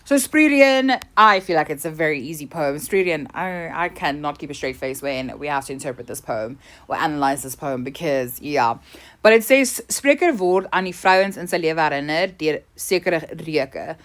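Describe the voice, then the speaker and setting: South African woman teacher, lower register, patient explainer who fades at line ends. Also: lively intonation, normal speed, a bit bright. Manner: explains, then translates between languages. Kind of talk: exam revision lesson.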